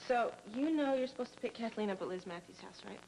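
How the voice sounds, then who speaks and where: An actress playing a chatty, amused colleague passing on gossip, in 1980s TV soap acting. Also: female voice, a little high, lively intonation, quick pace, gravelly, darkish tone, a little hiss or hum, low-quality recording.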